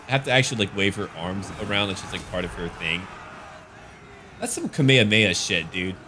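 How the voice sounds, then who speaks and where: A man's voice: on the low side, fairly bright tone. A man giving casual, jokey commentary over a strategy game battle. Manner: goofy, jokey, slips into silly voices. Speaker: gaming YouTuber.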